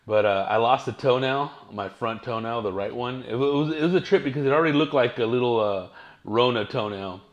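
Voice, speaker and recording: A man's voice: medium pitch, brisk, highs cut off. A man, hosting his own podcast and telling rambling, profane stories in casual slang. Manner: profane, slangy, laid-back storytelling. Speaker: podcast host.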